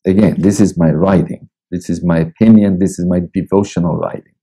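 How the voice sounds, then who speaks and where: A male pastor reading and preaching a devotional in a slow, deliberate way with long pauses. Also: deep voice, steady tone, mellow, slightly rough, poor audio. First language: Persian.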